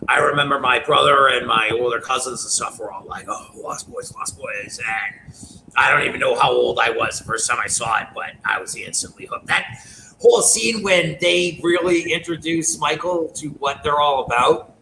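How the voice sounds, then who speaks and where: A man's voice: medium pitch, normal speed, gravelly, bright, forceful tone. A man co-hosting a casual horror podcast, talking loosely and rambling, with frequent swearing. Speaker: podcast co-host. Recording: echoey room with background noise.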